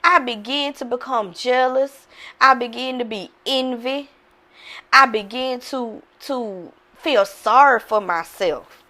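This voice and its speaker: A woman's voice: on the high side, sharp tone. A woman mindset coach giving a candid motivational talk, speaking frankly, repeating herself and often calling out to her listeners.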